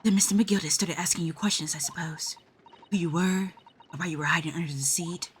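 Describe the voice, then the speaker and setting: A woman voicing an earnest young male defense lawyer, lowered and probing, while reading game dialogue. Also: fairly even intonation, brisk, a little hiss or hum, lightly acted.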